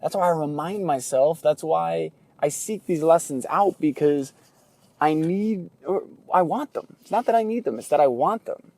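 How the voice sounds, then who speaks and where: A man's voice: fairly high pitch, normal speed, vocal fry, no room sound. A podcast host retelling stories in a casual monologue and acting out the people he quotes. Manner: animated retelling, acts out quoted voices, laughs at himself. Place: in a vehicle during a commute.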